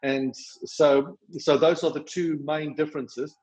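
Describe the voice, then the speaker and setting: A man with a South African accent, explaining his charity's rescue work in a podcast interview, talking fast with many fillers and restarts. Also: a little high, fairly even intonation, darkish tone, low-quality recording. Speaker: charity worker.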